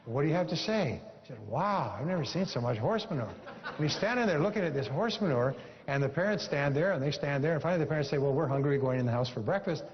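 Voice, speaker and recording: A man's voice: fairly high pitch, fast talker, slight background noise. Emphatic male motivational speaker in a hall. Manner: emphatic, repeats lines for effect, animated storytelling. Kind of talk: live seminar speech with a told joke. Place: seminar hall before an audience. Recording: echoey hall, dull lo-fi sound.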